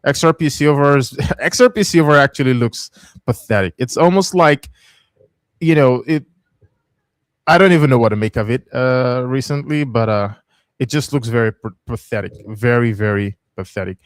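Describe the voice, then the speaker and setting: A man in mid pitch hosts a casual livestream, talking through charts in a loose, chatty way and breaking into easy laughs. His voice is recorded close and dry, with almost no room sound. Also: normal speed, dry recording. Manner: chatty, laughs easily, reads comments aloud. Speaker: livestream host. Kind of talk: casual livestream market commentary.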